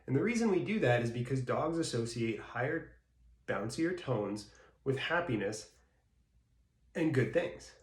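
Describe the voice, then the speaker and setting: A man's voice: mid-range voice, lively intonation, measured pace, pauses often. A man gives a dog-training lesson, walking through ideas in a plain, explanatory way. His voice sits in the middle of the male range. The recording has a noticeable roomy echo around it. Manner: plain explanatory, acts out baby-talk praise in bursts. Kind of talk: instructional talk.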